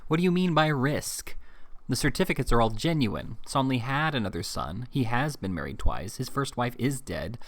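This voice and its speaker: A man reads aloud as a scheming, stern older moneylender who gives commands curtly and with emphasis, lightly acted and pitched above his own voice. His mid-range voice has lively intonation and normal speed, with no room sound.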